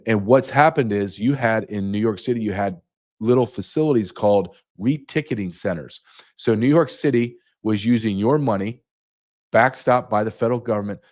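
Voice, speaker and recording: A man's voice: fairly low pitch, a little mellow. A man speaking as a guest, emphatic and repeating key numbers for effect. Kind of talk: emphatic interview talk.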